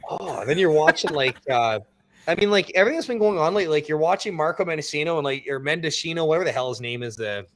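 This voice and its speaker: Male guest, fairly high voice, rambling, exasperated storyteller on a casual stream. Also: animated, fast, dry recording. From Canada. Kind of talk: casual livestream chat.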